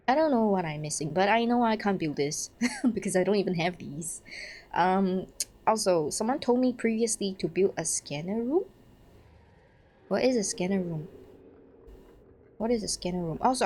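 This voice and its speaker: A young woman streams a game and chats casually, getting excitable, swearing and laughing at her own mistakes. Her voice is mid-range and slightly rough.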